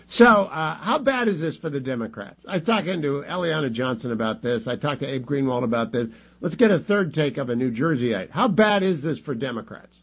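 A man's voice: medium pitch, lively intonation, fairly quick, a bit bright, breathy edge. A man hosting a radio talk show, asking questions in a wry, joking way. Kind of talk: radio interview.

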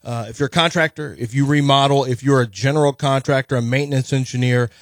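A man on sports radio, talking casually and rambling with halting fillers. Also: medium pitch, fairly even intonation, no echo, studio quality. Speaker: radio co-host. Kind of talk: casual sports talk and live ad read.

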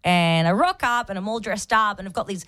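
A woman's voice: medium pitch, fairly quick, a bit bright, smooth, no echo. A young woman co-hosting a radio show, telling a story in casual chat and acting out the quotes. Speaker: radio co-host and real estate agent.

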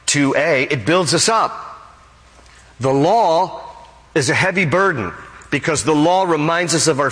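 A man's voice: mid-range voice, a bit bright, big-room sound, poor audio. A man pastor preaching a sermon with emphatic, climbing exclamations.

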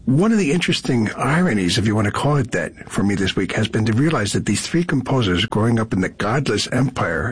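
Low husky male radio music host. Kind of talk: scripted radio narration.

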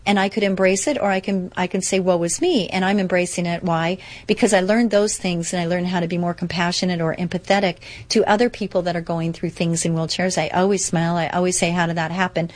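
A woman's voice: fairly low pitch, fairly quick. A woman sharing a personal recovery story in a casual, earnest, upbeat way, full of fillers and restarts.

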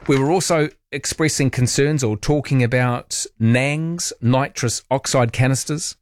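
A man's voice: medium pitch, a little slow. A man hosting talkback radio, chatty and opinionated, musing aloud with playful asides.

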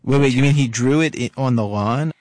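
A man hosting a podcast who narrates calmly and asks curious follow-up questions. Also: medium pitch, fairly quick, dry recording, studio quality. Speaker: podcast host and interviewer. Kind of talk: narration and interview.

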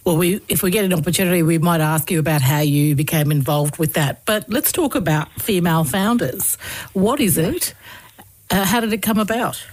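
A woman's voice: on the low side, moderate pace, darkish tone, no echo. A woman hosting a radio interview, asking friendly conversational questions. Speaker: radio host.

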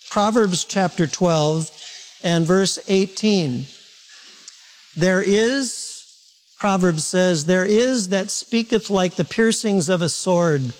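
A man preaching a morning sermon as a pastor, talking conversationally with repetition and self-deprecating humor. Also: high-pitched.

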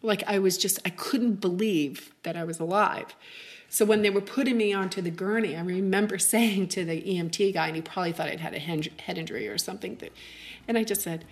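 A middle-aged woman telling a personal story as an interview guest, halting and chatty with many fillers and restarts. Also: mid-range voice.

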